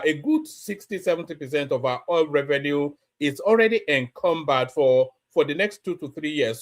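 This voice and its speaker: A man, hosting a news commentary and explaining at a measured pace with many pauses and fillers. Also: a little high. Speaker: host.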